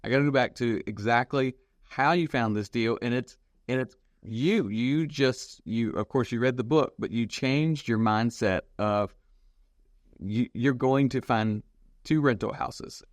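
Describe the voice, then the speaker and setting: An enthusiastic man hosting a podcast, talking in an emphatic and encouraging way. His voice sits at a medium pitch, and the recording is dry and close. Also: a little slow, no echo. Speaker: podcast host. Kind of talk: casual interview talk.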